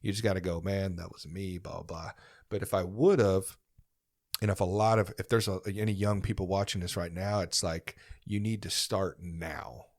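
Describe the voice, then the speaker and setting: Young guy podcast host, low voice, earnest and encouraging, lots of um and like. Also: steady tone, moderate pace. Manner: earnest, encouraging, many fillers and restarts. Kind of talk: casual podcast chat.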